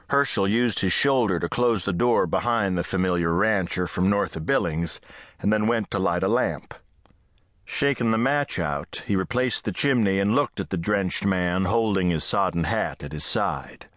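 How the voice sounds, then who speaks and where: A man narrating an audiobook with steady, measured storytelling, recorded close to the mic in a studio. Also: deep voice, dry recording. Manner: steady, measured storytelling that voices each character's lines. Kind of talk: scripted narration.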